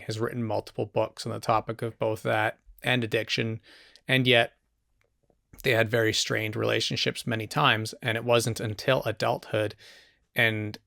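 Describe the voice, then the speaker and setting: A man's voice: fairly low pitch, gravelly, sharp tone, no echo, studio quality. A man hosting a podcast interview, reflective and thinking aloud with small hedges. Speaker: podcast host. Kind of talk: conversational interview.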